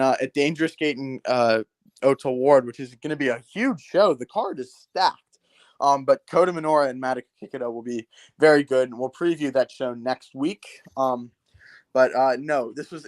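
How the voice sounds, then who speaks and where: A man's voice: medium pitch, brisk, no echo. A man co-hosting a podcast, giving enthusiastic, opinionated reactions in casual chat. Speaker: podcast co-host.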